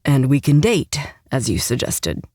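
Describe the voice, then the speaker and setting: A woman's voice: rumbling low, very animated, a little mellow, dry recording, clean studio sound, pitched below the performer's own voice, full character voice. A woman playing a firm, formal male protector. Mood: calm, firm. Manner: measured, formal, unhurried speech. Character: commanding protective male enforcer, calm and firm. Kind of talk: audiobook narration.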